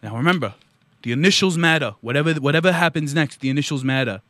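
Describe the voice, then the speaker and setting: A man's voice: a little high, fast, a bit bright, no room sound, natural voice. A man putting on the voice of a cranky older Vermont politician in a comedy story bit, ranting with stammering repeats. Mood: indignant. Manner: ranting, blustery, repetitive stammering. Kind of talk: comedy story bit, Bernie Sanders impression.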